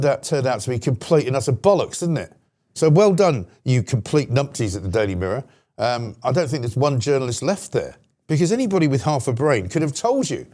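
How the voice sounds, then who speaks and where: Sarcastic ranting British talk host. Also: male voice, a little high, a little mellow. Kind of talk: opinionated political commentary.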